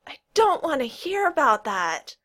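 A woman's voice: sits high, very animated, a little slow, fairly bright tone, pitched above the performer's own voice, exaggerated voice. A woman doing a blunt, squeamish young man.

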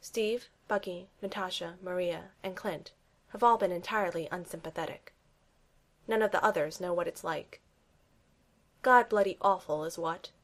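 Woman reading a story, slightly low. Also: moderate pace. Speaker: reader.

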